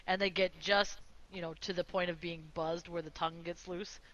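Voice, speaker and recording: A woman's voice: fairly low pitch, fairly even intonation, normal speed, a bit bright, dull audio. A woman animatedly telling a story in casual chat, giggling often.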